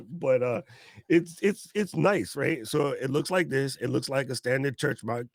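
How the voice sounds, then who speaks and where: A man, a guest tech expert in a casual video-call interview, explaining with folksy animated talk and laughs. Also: mid-range voice, measured pace, dry recording, clean studio sound. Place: home office.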